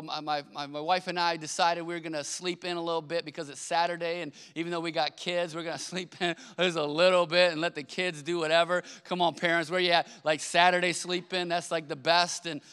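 A man's voice: fairly high pitch, fairly even intonation, a little fast, hardly any pauses, fairly bright tone, clean tone, big-room sound. A man in his thirties, a pastor, preaching a conversational sermon and telling stories in a self-deprecating way.

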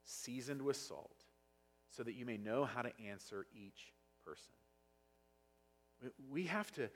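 Husky guy pastor preaching, gets fired up and loud sometimes. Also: medium pitch. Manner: passionate, gets loud at times. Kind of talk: sermon. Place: church sanctuary.

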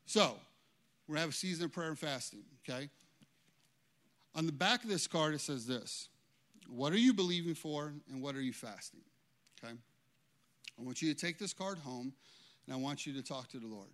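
A man preaching a sermon as pastor in a church, emphatic and animated, often checking in with "okay?". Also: on the high side.

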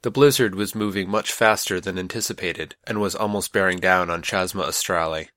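A man narrating a science fiction audiobook in an even, measured way. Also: sits low, no room sound, studio quality.

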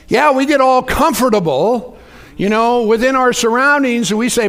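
A preacher with a strikingly high voice delivers a folksy sermon. He talks casually and keeps calling on the congregation to answer him back. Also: moderate pace. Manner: lively, folksy preaching with call-and-response.

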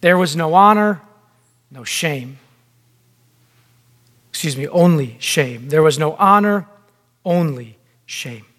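A man delivers a sermon with a fairly high voice, taking his time over each phrase. He preaches in a deliberate, emphatic manner and pauses often between phrases. The sound carries a long reverb, as in a large church hall. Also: lively intonation, a bit bright.

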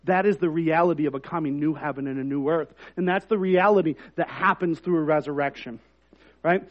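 A man's voice: a little high, brisk, lo-fi sound. A man preaching a sermon in a conversational, self-deprecating way that rises to emphatic points. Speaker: pastor.

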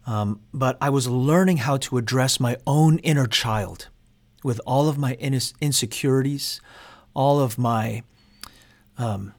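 Earnest man lecturing on his calling. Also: mid-range voice. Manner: earnest, reflective, self-deprecating. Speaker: seminary instructor. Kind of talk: personal testimony in a lecture.

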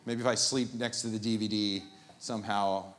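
Man preaching a lively sermon. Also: lowish voice, normal speed, slight background noise. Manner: animated and informal, with asides and jokes. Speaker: pastor. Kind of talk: conversational sermon. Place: church service, live.

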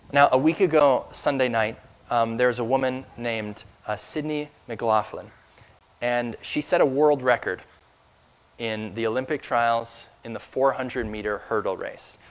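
Male pastor, mid-pitched, earnest sermon delivery with emphatic questions. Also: measured pace, clear, resonant tone.

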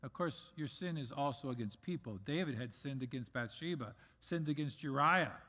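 Middle-aged pastor preaching in a reverberant hall. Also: male voice, mid-range voice, normal speed. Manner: earnest preaching, swinging between loud emphasis and soft asides. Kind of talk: sermon. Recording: long reverb of a large hall.

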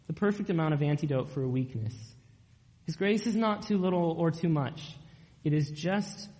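A young man preaching a sermon, earnest and emphatic, drawing out key lines slowly. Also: a little high, lively intonation, a little mellow, in a large hall, rough recording. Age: young adult.

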